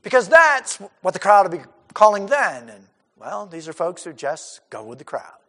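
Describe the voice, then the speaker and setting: A man preaching an expository sermon who acts out crowd voices and swings from loud to hushed. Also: high-pitched, sing-song, normal speed. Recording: hall reverb.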